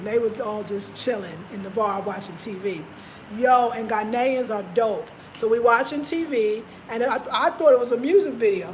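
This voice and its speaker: Woman, high voice, animated, laughing storyteller, casual vlog, faint background noise. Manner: animated, laughing often, slangy. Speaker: vlogger.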